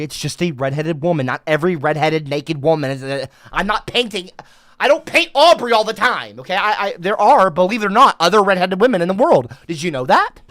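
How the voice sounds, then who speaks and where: A man hosting a livestream, ranting at his chat in a heated, profane way. His voice is bright and tense and swings widely in pitch as he stammers and bursts into shouting. The sound is dry and close, with no room around it. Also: no room sound. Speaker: livestream host.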